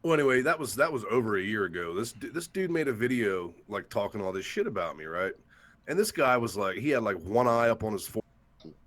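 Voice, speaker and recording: A man's voice: on the low side, very animated, fast, fairly bright tone. Profane, blunt man telling a story. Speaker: guest YouTuber. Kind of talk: casual livestream chat. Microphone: headset or desktop mic on call-in.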